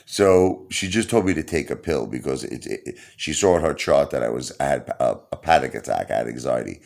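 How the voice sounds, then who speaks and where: A man telling a funny personal story in a rambling, animated way, repeating himself and laughing along. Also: very deep voice, a little fast, vocal fry. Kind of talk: casual comedic storytelling.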